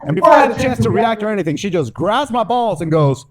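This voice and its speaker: A young man from the American South with a Southern accent, doing a stand-up comedy set before a live audience with lively storytelling. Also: high-pitched, quick pace. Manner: animated, lively storytelling with acted-out voices.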